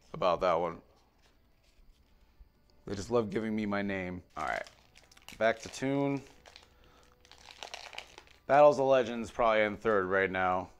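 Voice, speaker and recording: Male vlogger, low and gravelly, casual pack-opening chatter, mutters card names, swears freely. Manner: rattles off card names, swings between muttering and excited outbursts, swears freely. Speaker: card pack opener on a video channel.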